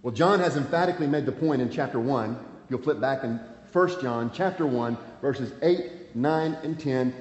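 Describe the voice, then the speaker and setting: A man's voice: mid-range voice, normal speed, darkish tone. A man preaching a sermon, earnest and pleading, reading scripture aloud with emphasis. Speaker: pastor. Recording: echoey hall, dull lo-fi sound, faint ambience.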